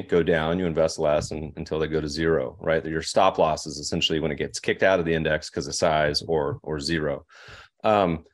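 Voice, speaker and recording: Male podcast guest, deep register, loose rambling delivery full of fillers. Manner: rambling, with many fillers and restarts. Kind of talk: casual podcast conversation.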